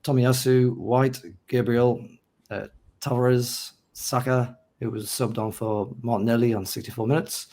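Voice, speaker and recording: Hoarse north east english bloke hosting a footy podcast, rough throat, mellow low-key tone. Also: male voice, fairly even intonation, unhurried. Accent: mixed North East English. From North East England. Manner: chatty, self-mocking, lists names steadily. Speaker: podcast host. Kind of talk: casual football podcast chat.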